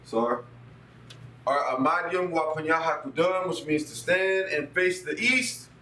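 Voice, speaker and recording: A man's voice: a little high, measured pace, sharp tone. A man leading a call-and-response prayer, chanting each line for a partner to repeat and giving instructions to viewers. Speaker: prayer leader. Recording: roomy echo, distant mic, faint noise.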